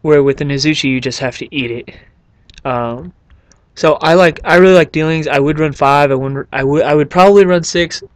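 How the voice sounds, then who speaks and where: A man's voice: fairly high pitch, moderate pace, dry recording. A man casually explaining his card game deck, rambling and joking with many fillers. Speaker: YouTube card game creator.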